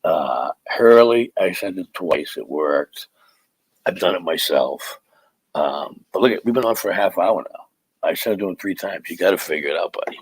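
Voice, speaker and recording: A man's voice: sits low, animated, measured pace, long pauses, husky, dry recording, poor audio. A middle-aged man, hosting a live podcast as a comic and telling stories in a rambling, stop-start way. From Boston area, USA. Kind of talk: casual live podcast chat.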